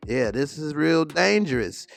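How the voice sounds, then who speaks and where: Man playing a sneering police officer, loud, pitched up, aggressive. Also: very animated, unhurried, creaky, heavily acted. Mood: taunting. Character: hostile, taunting male police officer.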